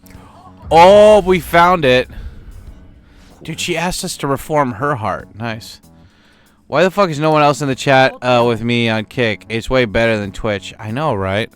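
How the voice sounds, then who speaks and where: A man's voice: mid-range voice, unhurried, smooth, faint music behind. A young man, a game streamer, chatting crudely and rambling with his chat while playing. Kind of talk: casual livestream gaming commentary.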